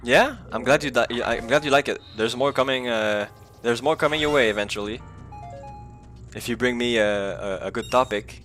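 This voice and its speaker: A male streamer talks casually to his chat while he plays, rambling and cursing freely. His voice sits at an ordinary middle pitch, with faint game music underneath. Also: moderate pace, fairly bright tone.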